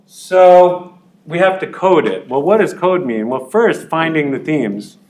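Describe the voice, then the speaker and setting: A man's voice: a little high, expressive, a little slow, a little mellow, a little hiss or hum. Guy lecturing a college class, laid back and chatty, kinda echoey room. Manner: conversational, uses plain examples and asides. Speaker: college instructor.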